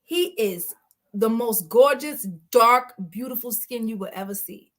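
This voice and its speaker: A woman guest telling a story in an animated, blunt way. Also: on the high side, unhurried. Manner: blunt and emphatic, acts out quoted exchanges.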